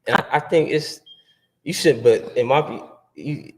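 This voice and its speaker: A man's voice: mid-range voice, moderate pace, a bit bright. A man in his twenties, a guest on a casual podcast, talking in a laid-back, hesitant way with many fillers. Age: 20s.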